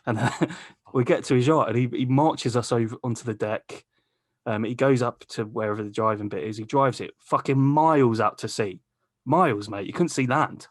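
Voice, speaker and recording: In a clean, dry studio recording, a man hosting a podcast rambles through a lengthy story. His medium-pitched voice keeps a moderate pace, and he cusses freely and breaks into laughter mid-sentence.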